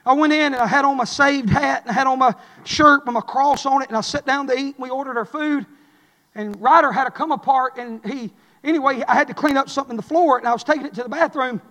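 High-pitched shouting preacher. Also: male voice, fast. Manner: impassioned shouting preaching cadence. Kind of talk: sermon. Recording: long reverb of a large hall.

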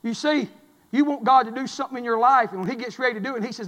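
A pastor preaching a fiery sermon in a church, swinging from hushed and intimate to loud shouting. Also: male voice, extremely high pitch, rapid-fire. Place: church sanctuary. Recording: long hall reverb.

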